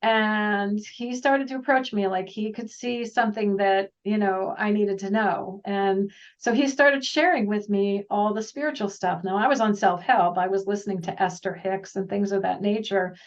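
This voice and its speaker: Distant, animated woman telling her story. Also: mid-range voice, moderate pace, hardly any pauses. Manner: animated, rambling, often acts out quoted dialogue. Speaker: guest, intuitive practitioner. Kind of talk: casual personal storytelling. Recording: distant, dull lo-fi sound.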